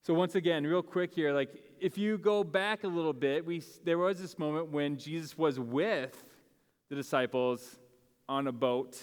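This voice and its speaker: A man preaching a sermon to a congregation in a casual, conversational way, with many fillers and restarts. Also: a little high. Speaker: pastor. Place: church sanctuary. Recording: long hall reverb from a church sanctuary.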